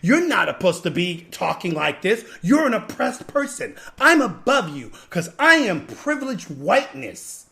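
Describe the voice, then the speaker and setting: A man's voice: sits high, very animated, measured pace, vocal fry, few pauses, pushed and bright, exaggerated voice. A man voicing a smug, condescending privileged woman with a haughty, scornful manner, in his own voice.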